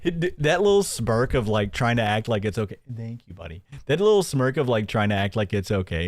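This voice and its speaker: A man hosting a live-stream commentary show, sarcastic and mocking, often laughing and jumping into a high mimicking voice. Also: animated, fairly quick, hardly any pauses, no echo, clean studio sound.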